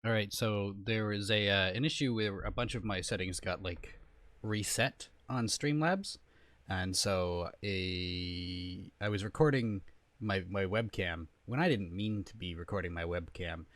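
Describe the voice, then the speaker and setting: Low-voiced rambling gamer man. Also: a little slow, fairly bright tone, dry recording. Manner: rambling, self-deprecating, trails off often. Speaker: gaming video creator. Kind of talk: casual gameplay commentary.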